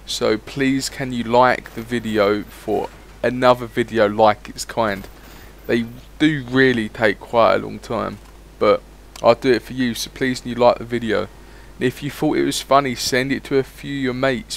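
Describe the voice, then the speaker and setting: Gravelly young man doing crude commentary. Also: medium pitch, fairly bright tone. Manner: rambling, crude, jokey asides. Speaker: gaming commentary host. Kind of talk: improvised comedy commentary.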